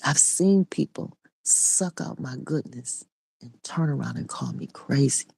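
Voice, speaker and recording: Slow gravelly woman preaching her testimony, real emotional, keeps repeating herself, dead dry sound. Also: very deep voice, lively intonation, a little mellow, no echo. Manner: repetitive preaching cadence, raw and emotional. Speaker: online preacher. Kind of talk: impassioned spoken testimony.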